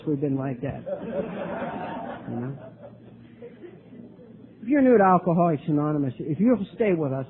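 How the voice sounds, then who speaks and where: An older man speaking at a recovery meeting, telling his story earnestly, with many halting restarts. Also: mid-range voice, breathy edge. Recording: tinny lo-fi recording, faint hiss.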